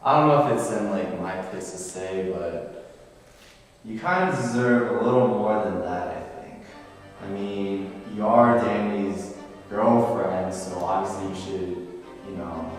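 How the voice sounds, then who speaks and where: A man's voice: sits low, unhurried, recorded from a distance. A young man playing a sly schemer who talks in hesitant, hedging phrases, recorded from afar in an echoey hall with music.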